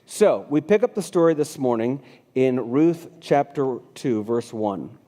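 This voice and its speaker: A man's voice: medium pitch, lively intonation, measured pace, mellow. A pastor in his fifties preaching a conversational sermon, reading scripture aloud and restarting his phrases. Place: church sanctuary.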